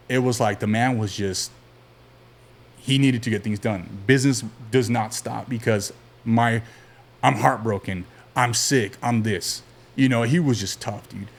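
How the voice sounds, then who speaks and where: A man guest on a podcast, telling stories from his childhood in a relaxed, rambling way, with many fillers and restarts. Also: fairly low pitch. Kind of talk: casual storytelling interview.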